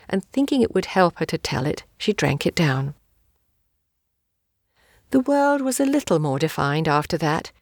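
A woman narrating a novel in an audiobook reading, slow, measured and expressive. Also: lowish voice, dry recording, studio quality.

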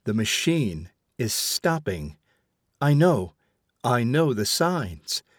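Male reader doing a grave young man, slow and solemn, dry close sound. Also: mid-range voice, big pitch swings, no room sound. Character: grim young man, her estranged son.

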